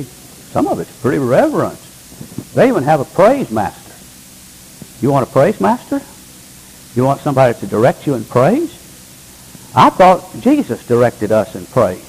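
A man preaching a sermon from the pulpit, asking the congregation rhetorical questions and swinging between low, emphatic lines and high exclamations. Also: a little mellow, breathy edge, rough recording. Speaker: pastor. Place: church.

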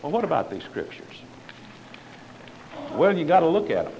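Fervent preacher man, wide-swinging pitch. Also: very animated, normal speed, vocal fry, a little hiss or hum, low-quality recording. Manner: fervent, swings between loud declarations and quiet asides; sarcastic toward other preachers. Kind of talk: sermon.

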